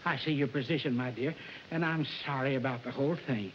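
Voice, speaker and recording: An actor playing a flustered record company boss who blusters and fawns in a 1940s film. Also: male voice, medium pitch, a little fast, natural voice. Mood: fawning. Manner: blustering, then fawning. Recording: dull old film soundtrack with hiss.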